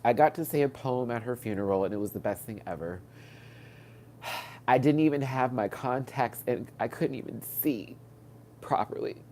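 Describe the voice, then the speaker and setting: A man with a mid-range, somewhat dark voice talks at normal speed, with slight background noise. Hosting a live stream through a webcam or phone mic, he sounds stuffed up from crying and tells rambling personal stories full of fillers and restarts.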